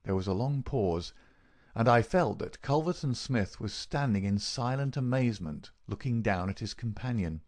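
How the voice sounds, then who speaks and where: A man narrating a story in a steady, clear reading for English learners. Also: mid-range voice, normal speed.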